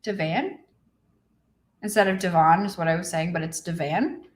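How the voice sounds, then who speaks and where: A woman's voice: fairly low pitch, steady tone, fast. Tired young woman chatting on a livestream. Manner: chatty, reads viewer comments aloud. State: tired, low energy. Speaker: livestream host. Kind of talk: casual livestream chat. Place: her apartment. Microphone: computer mic.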